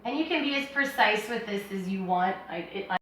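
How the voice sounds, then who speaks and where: Woman, art teacher, relaxed and reassuring, thinking aloud, distant camera mic, very echoey room. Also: medium pitch, a little fast, slight background noise. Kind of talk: drawing lesson, step by step.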